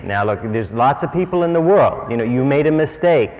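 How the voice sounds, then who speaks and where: A man's voice: mid-range voice, brisk, few pauses, long reverb tail, dull audio. A man giving a humorous spiritual talk to a live audience on stage, joking and self-mocking with lots of conversational asides. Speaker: spiritual teacher. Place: stage in a large hall.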